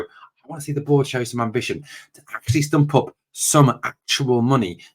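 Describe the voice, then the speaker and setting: A man hosting a football channel and delivering a passionate, repetitive opinion monologue. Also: mid-range voice. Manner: passionate, ranting, repetitive emphasis.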